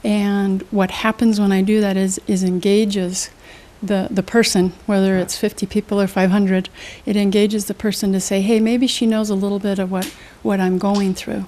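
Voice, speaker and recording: A woman's voice: mid-range voice, moderate pace. A middle-aged woman, a motivational speaker and trainer, explaining her methods as an interview guest with lots of examples and questions. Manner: energetic, teaching with examples and questions.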